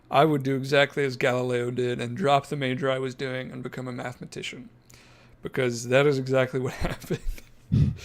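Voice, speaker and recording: A man co-hosting a podcast, reading from his notes in a casual, joking way and laughing mid-sentence. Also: medium pitch. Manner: jokey, self-deprecating, laughs mid-sentence. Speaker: podcast co-host.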